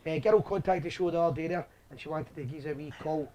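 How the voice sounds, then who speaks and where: A man's voice: fairly high pitch, fast talker, mellow. A Scottish man hosting a live fan show, chatting and telling stories in a rambling way. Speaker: host. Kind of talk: casual live show chat.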